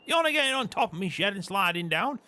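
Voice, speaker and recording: A man's voice: high voice, very animated, fast talker, sharp tone, exaggerated voice. A man playing a grumbling farmer. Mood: complaining. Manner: grumbling, peppers every line with swearing. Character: grumpy swearing northern farmer man. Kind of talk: game role-play chat.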